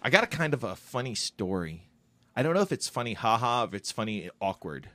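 A man co-hosting a casual podcast, telling a story in a rambling, animated way and acting out the voices of the people in it. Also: medium pitch, brisk, no room sound. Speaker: podcast co-host.

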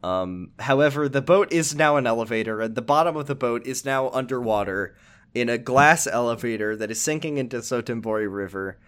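A man's voice: medium pitch, fairly quick, a bit bright, clean tone. A young man hosting a podcast, recapping a video game in casual chat, rambling with lots of "um"s. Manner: rambling, many "um"s. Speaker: podcast host.

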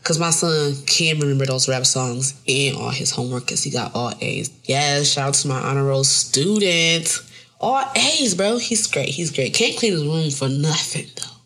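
A mother giving a casual comedic monologue to camera, animated and full of profanity. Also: normal speed. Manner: animated and profane, with frequent jumps up in pitch for emphasis. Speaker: mother and vlogger.

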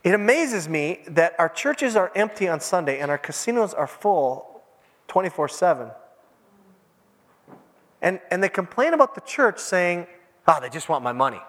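A man preaching a sermon in an animated, conversational way, acting out quotes as he goes. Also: high-pitched, a little slow. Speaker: pastor. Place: church. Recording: long church-hall reverb.

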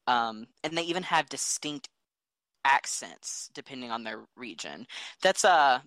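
A man's voice: mid-range voice, sharp tone, no room sound, poor audio. A man co-hosting a podcast, explaining facts in an earnest, chatty way. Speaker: podcast co-host. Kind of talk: casual chat.

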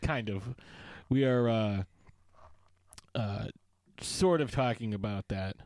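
A man's voice: fairly low pitch, slow, a little mellow, dry recording. A man hosting a podcast in casual chat, joking and going off on playful tangents. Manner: playful, riffing, jokey tangents. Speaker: podcast host.

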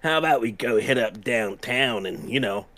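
A man voicing a laid-back young bro in a hot tub, dropping his voice low and drawling. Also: lively intonation, normal speed, fairly bright tone, no room sound. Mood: chill. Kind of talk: improv comedy sketch.

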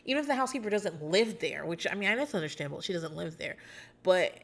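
A woman's voice: animated, fast. Chatty, sarcastic woman podcaster. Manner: chatty and sarcastic, swears freely, laughs often, mimics people in high voices. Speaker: podcast host recapping a reality show. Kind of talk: casual chat.

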